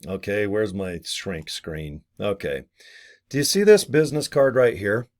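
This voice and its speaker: A man's voice: lowish voice, expressive, measured pace, darkish tone. A man giving rambling, jokey advice in a casual video, acting out little scenes as he goes. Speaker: network marketer. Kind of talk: casual talking-head video.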